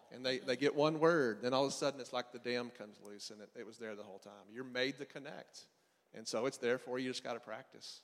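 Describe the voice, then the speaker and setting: A man in the middle of his pitch range gives a relaxed, faith-based seminar talk. He speaks as a counselor, chatting loosely with the audience and restarting his sentences as he goes. His voice carries a long reverb from a large hall. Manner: casual, conversational, with asides and quick restarts. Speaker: marriage and family counselor teaching a seminar.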